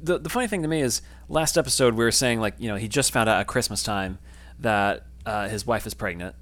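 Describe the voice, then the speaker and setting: A man's voice: fairly low pitch, brisk, fairly bright tone. A man co-hosting a casual podcast, joking with disbelief about the pace of a TV show and talking to listeners. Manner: joking, incredulous, addresses listeners. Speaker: podcast co-host. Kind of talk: casual chat recapping a TV episode.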